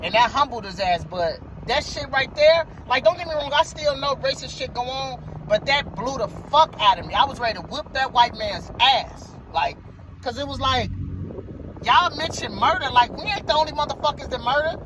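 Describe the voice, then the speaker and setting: A man's voice: extremely high pitch, expressive, moderate pace, background noise. A man who drives a motor coach bus tells a story in a casual vlog, heated and profane, and he repeats himself.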